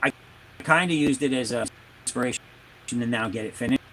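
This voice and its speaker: A man who creates comics, a guest on a video call, telling his story in a halting way, searching for words. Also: mid-range voice, a bit bright, slight background noise. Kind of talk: casual interview chat.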